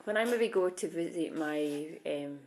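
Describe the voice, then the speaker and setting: A woman's voice: low-pitched, a little slow, darkish tone. A woman in her thirties from Shetland with a Shetland accent, chatting casually in an interview and thinking aloud with many restarts. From Shetland, Scotland. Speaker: interviewee, works with children at a school. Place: at home with a small child nearby. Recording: noisy home recording.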